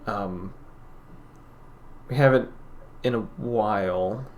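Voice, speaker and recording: Guy doing a sad old cat-lady shopkeeper, hushed and hesitant, for a tabletop game. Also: lowish voice, takes it slowly, slight background noise. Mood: sorrowful, subdued. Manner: subdued, hesitant, quiet. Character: older grieving female cat-folk shopkeeper.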